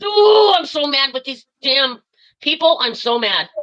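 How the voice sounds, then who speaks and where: A woman's voice: high voice, normal speed, bright, forceful tone, highs cut off. A woman calling into a live stream, furious and swearing, rambling with many fillers as she tells what happened to her. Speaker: caller. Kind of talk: angry live-stream call.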